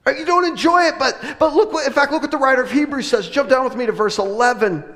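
A middle-aged man preaching a sermon, telling a funny family story with laughs, then building to loud, emphatic preaching. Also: extremely high pitch, fast talker. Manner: animated, joking, with laughs and sudden loud preaching. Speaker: pastor. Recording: long reverb of a large hall.

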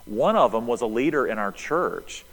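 A middle-aged man, preaching a sermon and telling a story, moving between loud bursts and hushed passages. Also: mid-range voice, moderate pace. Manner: animated, swings from loud to hushed. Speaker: pastor. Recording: long hall reverb.

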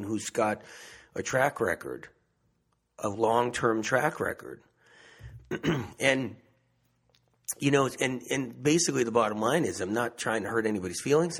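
A self-described medium rambles through a casual monologue in a low, husky voice, repeating himself and posing rhetorical questions.

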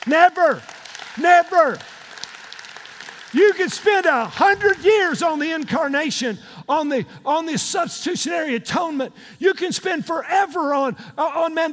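High-voiced preacher man, shouting in a hall. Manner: folksy, emphatic preaching with sudden shouts. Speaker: pastor. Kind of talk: sermon. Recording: long hall reverb.

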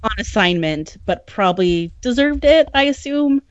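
A woman's voice: a little high, expressive, moderate pace, no room sound, dull audio. A woman hosting a podcast, recapping a story in a chatty, sarcastic way and often laughing. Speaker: podcast host recapping a novel. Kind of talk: casual chat.

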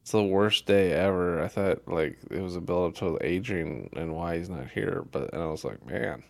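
A man co-hosting a casual gaming podcast, firing off quick teasing quips. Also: deep voice, creaky, a little mellow, dry recording. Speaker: podcast co-host. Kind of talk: casual chat.

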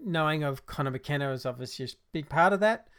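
A man's voice: on the high side, expressive, quick pace, a bit bright, clean tone. Easygoing man hosting. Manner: easygoing, hesitant with many fillers. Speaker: podcast host. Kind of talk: casual chat.

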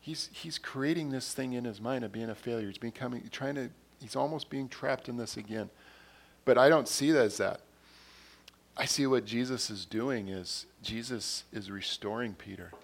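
A man delivering a sermon at a middle pitch, talking it through in a conversational way. He retells scenes by acting out bits of dialogue and often doubles back on his words as he goes. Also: normal speed, creaky. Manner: repeats and restarts words. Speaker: pastor.

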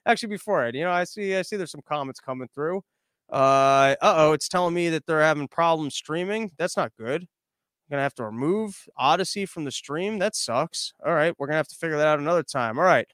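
A man hosting a live-streamed podcast, ranting loudly and sarcastically, a bit out of breath from pacing and yelling. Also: a little high, fairly quick, smooth, no room sound, clean studio sound. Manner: sarcastic, loud, mocking. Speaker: podcast host.

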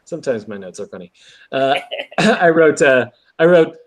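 Speaking at a normal speed with a medium-pitched voice, a man co-hosting a podcast gives a casual episode recap, animatedly performing the lines he quotes.

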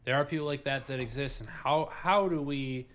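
A man's voice: medium pitch, normal speed, a bit bright. A young man hosting a podcast, talking thoughtfully and casually, searching for words and laughing easily. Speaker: podcast host. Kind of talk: casual chat.

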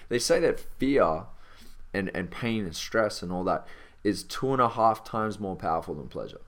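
A man's voice: fairly low pitch, animated, normal speed. A man hosting a podcast, talking casually with lots of fillers and repeated words.

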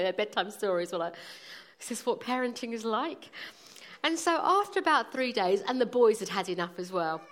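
A woman in her forties preaching, telling a personal story in a lively, humorous way. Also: on the high side.

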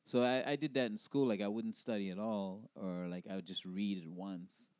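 A man's voice: fairly low pitch, moderate pace, clear, resonant tone, dry recording. A man from the Caribbean, an actor and podcast guest, telling anecdotes in casual chat and laughing often as he talks. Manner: laughs often, animated retelling.

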